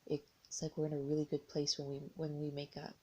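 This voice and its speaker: A woman's voice: low voice, monotone, fairly quick, a little mellow, breathy edge, dull audio. A young American woman telling a personal story to her tarot audience in a rambling, hesitant way with many restarts. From United States. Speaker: tarot vlogger.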